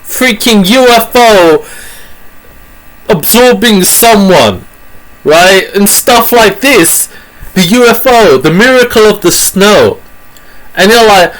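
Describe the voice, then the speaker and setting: A British man riffs through a comic monologue, his voice sitting a little high. He rambles loosely and corrects himself as he goes, with lots of filler words. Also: lively intonation, takes it slowly, fairly bright tone, low-quality recording. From Britain. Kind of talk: comic rambling monologue about pictures on screen.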